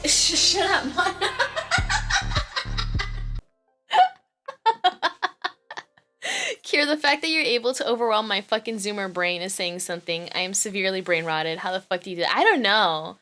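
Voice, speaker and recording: A woman's voice: medium pitch, expressive, moderate pace, bright, forceful tone, faint music behind. A young woman in her twenties streaming live and chatting casually with her viewers, playful, goofy and giggly, swearing freely. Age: 20s.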